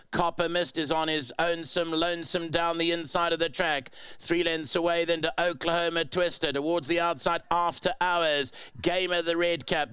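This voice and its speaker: A man's voice: fairly high pitch, sharp tone, clean tone, no room sound. A man with a South African accent calling a horse race, his call rising toward the finish. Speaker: race commentator. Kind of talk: horse racing commentary.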